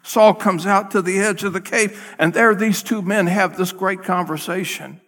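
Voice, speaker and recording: High, bright-voiced male pastor preaching. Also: fairly even intonation, normal speed, big-room sound. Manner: dramatic storytelling, acting out scenes. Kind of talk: sermon. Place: church sanctuary.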